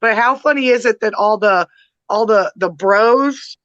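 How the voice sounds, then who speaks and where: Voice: mid-range voice, a little slow, a bit bright, no echo, muffled recording. A co-host in a casual political livestream chat, talking loosely and laughing often.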